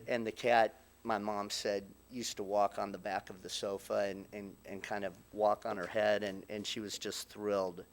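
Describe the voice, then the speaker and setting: Low-voiced man giving a halting eulogy. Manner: halting, with frequent restarts and pauses. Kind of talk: funeral eulogy. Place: funeral chapel.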